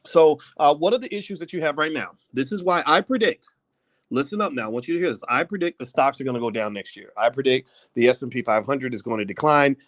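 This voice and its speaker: A man giving a casual, animated talk on finance straight to his viewers at a desk mic, with folksy asides. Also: mid-range voice, fast, no room sound. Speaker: finance commentator. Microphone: desk microphone.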